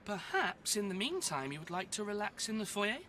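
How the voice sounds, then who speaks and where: A brisk, formal hotel porter. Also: male voice, high voice, sing-song, sharp tone, slight background noise, heavily acted. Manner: stiffly polite, formal. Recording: game audio over in-game music.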